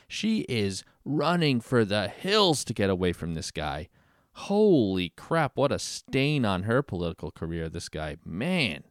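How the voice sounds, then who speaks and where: A man hosting a political podcast, talking casually and halting, often repeating words. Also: a little high, sing-song, no room sound, clean studio sound. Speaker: podcast host.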